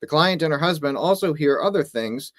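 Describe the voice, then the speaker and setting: A young man co-hosting a paranormal show, reading a case file in a steady, slightly announcer-like way. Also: a little high, fairly quick, no room sound, studio quality. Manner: steady read-aloud, with an occasional mock announcer tone. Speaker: co-host, paranormal investigator. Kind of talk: casual podcast chat, reading a case file aloud.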